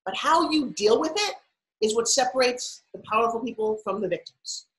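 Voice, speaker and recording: A woman giving an energetic motivational talk as a podcast guest, emphatic and playful. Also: a little high, normal speed, reverberant, poor audio. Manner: emphatic, animated, playful asides.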